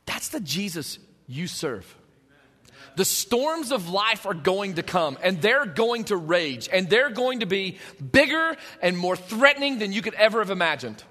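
A man preaching a sermon, telling the story in an animated way and acting out the scenes. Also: sits high, a little slow, long reverb tail. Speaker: pastor.

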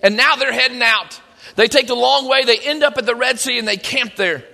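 A man's voice: extremely high pitch, sharp tone. A man preaching a sermon, retelling scripture with emphatic quoted voices, heard in a large room with a long echo. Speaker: pastor.

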